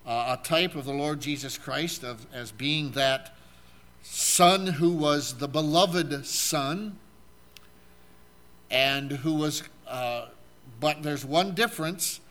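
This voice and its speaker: A man's voice: fairly high pitch, fairly bright tone. A man preaching a sermon, asking the congregation questions and reading scripture aloud, with frequent fillers. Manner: asks the audience questions, halting with fillers.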